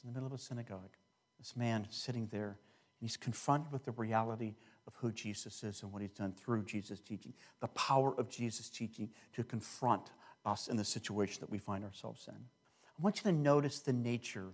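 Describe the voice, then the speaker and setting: A man preaching a sermon, building to emphatic bursts and often adding "if you will" asides. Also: mid-range voice. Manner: preaching with rising emphatic bursts and repeated phrases. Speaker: pastor.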